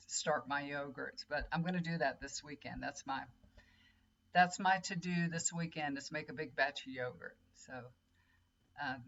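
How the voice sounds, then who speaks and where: A woman's voice: low voice, pushed and bright. A middle-aged woman, a tarot reader and healer rambling in casual chat straight to her viewers. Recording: dull lo-fi audio with faint hum.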